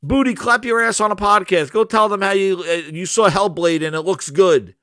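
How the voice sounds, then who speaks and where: A high-voiced man speaking at normal speed, with a fairly bright tone, hosts a gaming podcast and rants with heated swearing. The recording is dry and studio quality, and he often stammers and says things twice.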